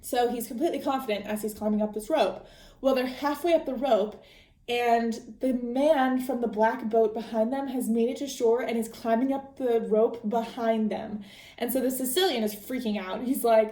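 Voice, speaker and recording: A woman's voice: fairly high pitch, steady tone, moderate pace, mellow, reverberant. A young adult woman hosting a podcast, chatting casually through a book recap, laughing often and full of fillers. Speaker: podcast host.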